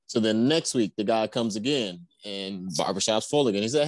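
A man co-hosting a family podcast, telling a long joke as an animated storyteller who laughs often. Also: fairly low pitch, moderate pace, no echo. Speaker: podcast co-host. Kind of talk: casual chat and joke telling.

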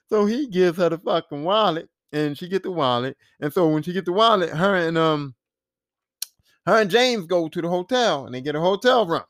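A man hosting a podcast, casually recapping a TV series in a profane, animated storytelling manner, acting out the characters' lines. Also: high voice, normal speed, vocal fry, no echo, clean studio sound. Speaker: podcast host.

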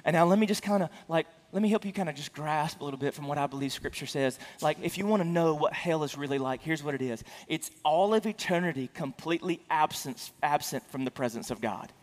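A man preaching a sermon as a pastor, speaking earnestly with frequent restarts and stammered repeats, and getting louder for emphasis. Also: quick pace, hardly any pauses, in a large hall. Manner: rises in pitch and volume for emphasis.

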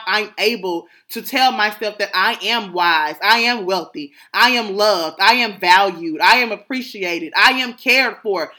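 A woman's voice: medium pitch, sharp tone. A woman, talking through a personal reflective monologue, emphatic and repeating phrases of gratitude like a prayer.

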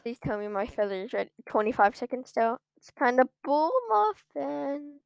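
A woman commenting live on her own gameplay, breaking into exasperated rants and outbursts. Her voice sits high and comes out smooth and clean, her delivery slow and drawn out. The sound is close and dry, with no room around it. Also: expressive, dry recording. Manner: exasperated ranting with frequent outbursts. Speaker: gamer streaming her own play. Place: at a computer.

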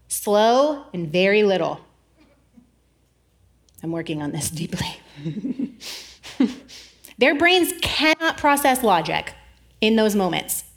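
A woman in her thirties giving a sermon-style talk, animated and laughing often, jittery from caffeine. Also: on the high side. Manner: animated, laughs often, acts out quoted voices; jittery, says she is over-caffeinated. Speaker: speaker giving a faith talk.

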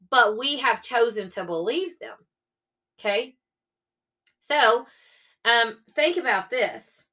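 A woman's voice: on the high side, bright, forceful tone. A young woman hosting a faith-based motivational podcast, upbeat and coaxing, often checking in with her listeners. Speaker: podcast host.

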